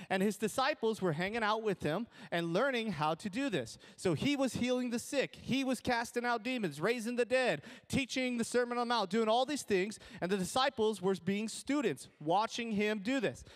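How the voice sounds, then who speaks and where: A young man with an Upper Midwest American accent preaches with a fairly high, bright-pitched voice. He tells his story with lively jokes, laughing at his own punchlines, then moves into teaching. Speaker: pastor. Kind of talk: sermon with storytelling.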